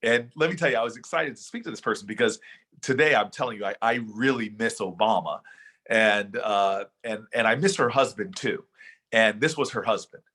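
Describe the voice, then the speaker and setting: A middle-aged man, a senator, giving an oratorical motivational speech that slows for emphasis and then speeds up. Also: lowish voice, a bit bright. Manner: oratorical, shifts between slow emphatic phrases and quick runs. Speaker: senator and keynote speaker.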